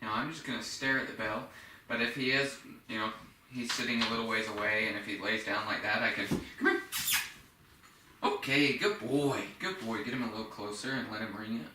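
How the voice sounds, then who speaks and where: A man's voice: fairly low pitch, steady tone, quick pace, sharp tone, slight background noise. A man working as a dog trainer, patiently explaining each step of a training demonstration indoors while praising the dog. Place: indoors by a door. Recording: echoey room, mic at a distance.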